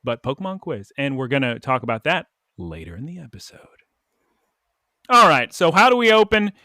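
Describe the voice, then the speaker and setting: A man's voice: mid-range voice, very animated, normal speed, pushed and bright, no echo, clean studio sound. A man co-hosting a podcast, recapping an episode in casual chat and slipping into little character voices. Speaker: podcast co-host.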